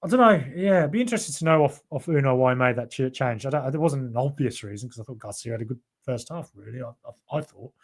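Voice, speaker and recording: A man's voice: mid-range voice, fast, hardly any pauses. Man hosting a football podcast. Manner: animated, reads out viewer comments. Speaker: podcast host. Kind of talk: casual live-stream football chat.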